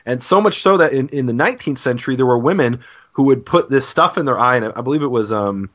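A man's voice: mid-range voice, expressive, quick pace, a bit bright. Earnest man explaining at length, muffled sound. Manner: earnest, explanatory, many restarts. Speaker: author and guest. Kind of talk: podcast conversation, teaching.

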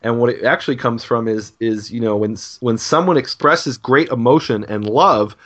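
A man's voice: medium pitch, moderate pace, a bit bright, highs cut off. A man, a guest author, earnestly explaining an idea in a podcast conversation, with frequent restarts.

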